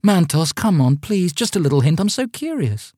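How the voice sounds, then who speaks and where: A man putting on a young goth woman with a much higher voice, wheedling and pleading. She sounds eager and curious in a close, dry reading. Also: big pitch swings, moderate pace, darkish tone, breathy edge, no room sound.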